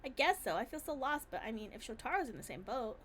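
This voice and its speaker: A woman's voice: on the high side, sing-song, fast, fairly bright tone, slight background noise, pitched below the performer's own voice. A woman voicing a hesitant, flustered teenage girl. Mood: unsure.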